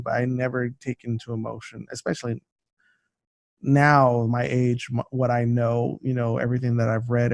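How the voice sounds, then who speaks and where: A man's voice: medium pitch, gravelly, darkish tone, no echo. A man co-hosting a podcast in casual chat, rambling with many fillers and restarts. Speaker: podcast co-host. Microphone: studio mic.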